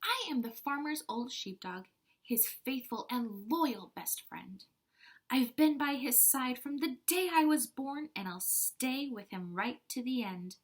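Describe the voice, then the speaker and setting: A woman's voice: sits high, animated, unhurried, voice pushed up. A woman voicing an old loyal farm sheepdog in a storybook read-aloud, earnest in tone.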